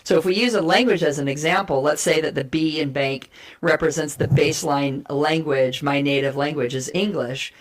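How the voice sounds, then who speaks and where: A woman guest giving an energetic, persuasive talk on communication styles and acting out short role plays to make her points. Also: low voice, normal speed. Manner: energetic, persuasive, emphatic teaching. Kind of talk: animated explanatory talk with role play.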